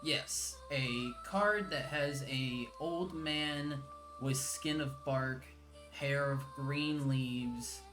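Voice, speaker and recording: A man narrating a tabletop game as game master, unhurried and descriptive. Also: mid-range voice, over music.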